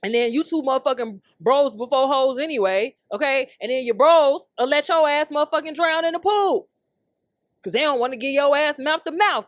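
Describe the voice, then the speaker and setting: A young woman hosting her own podcast, ranting in a brash, heated way and swearing at nearly every turn. Her voice sits a little high, and it is recorded dry with no room sound. She breaks into laughter often. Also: brisk, dry recording. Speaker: podcast host. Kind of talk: profane comedic rant.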